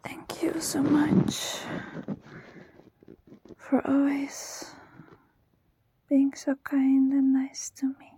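A woman speaking in a soft, breathy whisper, talking intimately and sighing between phrases. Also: high voice, monotone, extremely slow, long pauses, a little hiss or hum.

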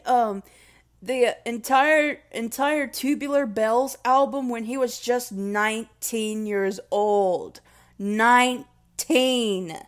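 A young woman talks slowly in a rambling, emotional vlog monologue. Her voice sits fairly high, and she mocks herself and swears freely. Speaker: vlogger.

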